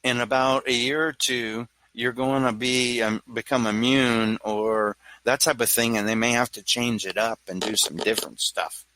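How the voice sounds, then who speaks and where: Stammering man, forceful voice. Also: mid-range voice, steady tone, moderate pace, few pauses, poor audio. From Louisiana. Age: 40s. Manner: rambling, stammering restarts, jokey. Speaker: speaker on mental health. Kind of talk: casual talk to an audience.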